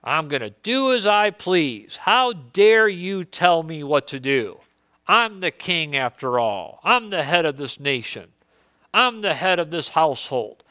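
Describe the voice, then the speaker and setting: A man's voice: on the high side, very animated, a little slow, sharp tone, no room sound, exaggerated voice. A man voicing an angry, proud king who boasts defiantly and keeps repeating his claims. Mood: indignant.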